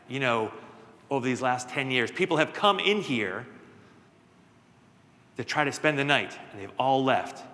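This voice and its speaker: A man voicing a grateful ghost who speaks softly and slowly, with long church reverb. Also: medium pitch, natural voice. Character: grateful ghost of the haunted house.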